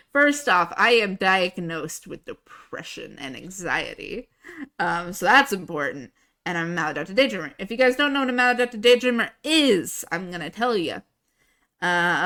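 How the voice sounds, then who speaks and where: A woman's voice: mid-range voice, sharp tone. A young woman livestreaming, chatting casually with her viewers in a rambling way, laughing often and swearing freely.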